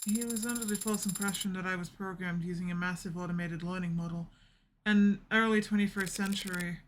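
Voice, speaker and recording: A woman's voice: on the low side, steady tone, a little fast, a little hiss or hum, lightly acted. A woman voicing a polite, inquisitive female android assistant in a live fan voice acting of a visual novel, earnest and formal. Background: game music.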